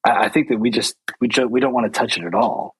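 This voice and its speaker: A man's voice: mid-range voice, quick pace, fairly bright tone, breathy edge, low-quality recording. A man in a casual panel discussion, speaking hesitantly and often falling back on filler words. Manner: hesitant, heavy use of "like". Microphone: video call.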